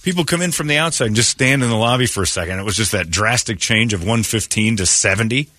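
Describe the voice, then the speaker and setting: A man with a bright, dry, slightly low voice hosts a morning radio show. He rambles through anecdotes and slips into other people's voices as he goes. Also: expressive, fast talker, no echo. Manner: rambling storyteller, acts out voices. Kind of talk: casual morning show banter.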